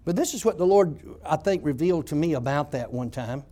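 A male pastor preaching a sermon, telling stories and building up to loud shouts. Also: fairly high pitch, expressive, fairly quick.

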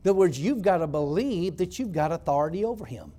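A male pastor preaching a sermon, telling stories and building up to loud shouts. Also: fairly high pitch, big pitch swings, fast.

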